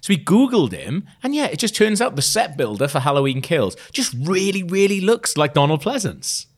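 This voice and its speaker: A man with a Welsh accent co-hosting a casual film podcast, excitable, laughing often and swearing casually. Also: on the high side, normal speed. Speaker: podcast co-host.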